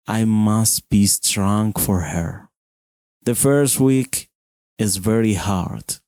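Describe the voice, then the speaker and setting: Very slow American man narrating a story. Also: lowish voice, mellow, no echo, clean studio sound. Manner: very slow, clear and simple phrasing.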